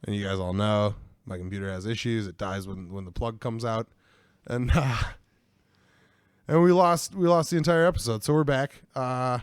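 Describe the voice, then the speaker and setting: A young man hosts a home podcast in easygoing chat, rambling along and laughing a lot. His voice sits at a middling pitch, and the recording is close and dry, with no room sound. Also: moderate pace, clear, resonant tone, dry recording. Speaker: podcast host. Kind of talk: casual chat. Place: room in a house.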